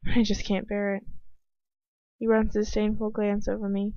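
A woman's voice: medium pitch, completely flat delivery, moderate pace, long pauses, mellow, no room sound, lo-fi sound. A woman reading a first-person story aloud casually, sometimes stopping to comment on the text. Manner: casual, breaks off to comment and laugh. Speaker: fanfiction reader.

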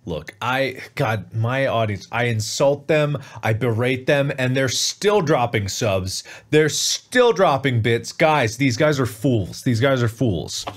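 Animated jokey man co-hosting a podcast. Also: mid-range voice, takes it slowly, hardly any pauses. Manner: mock-insulting, jokey and animated. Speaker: podcast co-host. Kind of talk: casual chat.

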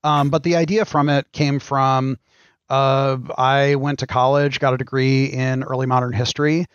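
A man's voice: medium pitch, little pitch movement, smooth, no echo. Thoughtful man on dull lo-fi audio. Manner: thoughtful, pauses with many ums. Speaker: game designer guest. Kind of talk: casual podcast interview.

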